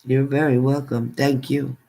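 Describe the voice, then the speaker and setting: A man's voice: medium pitch, little pitch movement, unhurried, gravelly, mellow. Older male livestream host, chatty and familiar, reads viewer names off and thanks each one. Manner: chatty, thanks viewers by name, calls them hon. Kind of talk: casual livestream chat with viewers.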